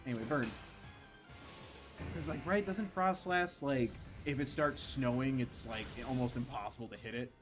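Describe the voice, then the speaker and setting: A man's voice: mid-range voice, moderate pace, over music. A man casually commenting on a live game stream, rambling into joking asides. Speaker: gaming streamer.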